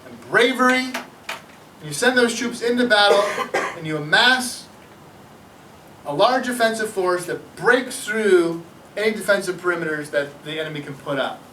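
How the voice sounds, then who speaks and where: A middle-aged male teacher lectures with animated energy and keeps quizzing his students. His voice sits high and sounds bright. He is caught from a distance in a room with a lot of echo. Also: moderate pace, slight background noise. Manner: animated, asks the class questions. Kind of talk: classroom history lecture. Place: classroom. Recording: echoey classroom from far off.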